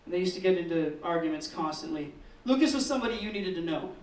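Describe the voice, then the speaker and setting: Stand-up comic, male, high-pitched and deadpan, recorded in an echoey room from a distance. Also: quick pace. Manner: deadpan storytelling, swearing, acting out kids in squeals. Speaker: stand-up comedian. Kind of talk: stand-up comedy set. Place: comedy open mic room.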